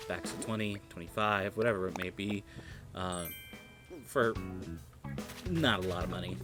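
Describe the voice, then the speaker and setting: A man's voice: sits low, steady tone, moderate pace, long pauses, over music. A man streaming a game, giving casual, rambling commentary and joking with his viewers.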